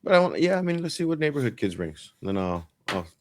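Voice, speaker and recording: A man's voice: a little high, sing-song, fast talker, slight background noise. Guy cohost kinda mumbly and hesitant, voice bounces around, far from the mic. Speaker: co-host reviewer. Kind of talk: casual music review chat.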